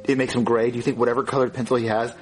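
A man's voice: mid-range voice, little pitch movement, rapid-fire, natural voice, low-quality recording. A man playing an anxious father who stammers and pleads frantically. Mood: worried.

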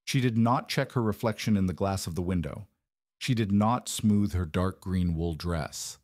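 A man narrating a story in a measured, descriptive way. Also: low-pitched, a little mellow, no room sound, studio quality. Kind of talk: scripted narration.

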